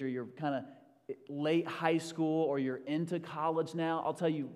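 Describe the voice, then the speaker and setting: A man preaching in a church hall, his voice sitting a little high for a man. He swings between loud rallying bursts and hushed, intimate passages. Long reverb rings around him. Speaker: pastor. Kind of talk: sermon.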